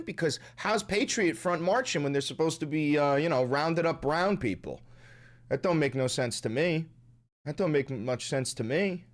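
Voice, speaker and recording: A man hosting a livestream, chatting loosely and profanely while reading viewer messages aloud. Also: medium pitch. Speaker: livestream host. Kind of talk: casual stream chat.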